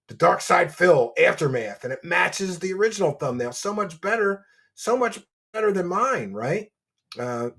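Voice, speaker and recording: A man's voice: fairly high pitch, slightly rough. A man hosting a livestream, chatting casually and reading donations in a brash, mocking, foul-mouthed way. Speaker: livestream show host.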